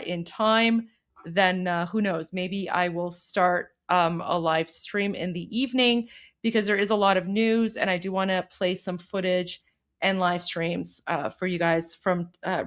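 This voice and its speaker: A woman's voice: medium pitch, a bit bright. A woman hosting a casual livestream, chatting with viewers in a friendly, apologetic way. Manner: chatty, apologetic, mixes Persian and English. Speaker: livestream host.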